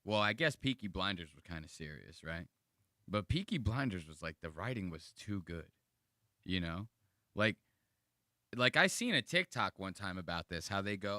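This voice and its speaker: A man's voice: low voice, big pitch swings, moderate pace, sharp tone, dry recording, studio quality. A man from the United States giving casual, rambling reaction commentary to videos, slangy and profane.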